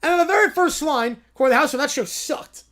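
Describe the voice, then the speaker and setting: A high-pitched man hosting a loose, chatty livestream. He reads viewer prompts aloud and breaks in with amused, sarcastic asides. His delivery is casual and quick-witted. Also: a bit bright. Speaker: livestream host. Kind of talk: casual livestream reaction chat.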